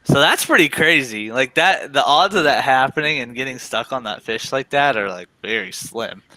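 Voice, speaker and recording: A man's voice: mid-range voice, lively intonation, moderate pace, pushed and bright, no room sound, low-quality recording. A man hosting a casual live stream, reading an article aloud and chatting with a guest in a laid-back way.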